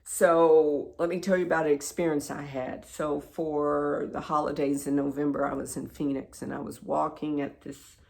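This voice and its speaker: A woman who teaches spirituality, telling a personal story in a halting way, repeating words and sometimes dropping to a soft whisper. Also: low-pitched, little pitch movement, vocal fry.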